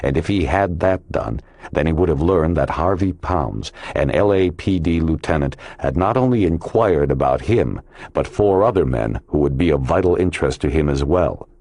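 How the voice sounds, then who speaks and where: A man with a very deep, low voice reads a crime audiobook in measured, scripted narration. The recording is dry and close, with no room sound. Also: animated, a little mellow, dry recording.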